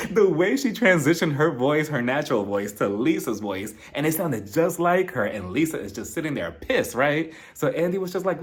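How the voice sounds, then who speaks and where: A man's voice: a little high, expressive, moderate pace, hardly any pauses. A young man hosting his own channel, giving a casual, gossipy recap of a reality show reunion and mimicking cast members' voices as he retells scenes. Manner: chatty and gossipy, laughs while retelling, does mocking voices of cast members. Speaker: reality TV reviewer, channel host.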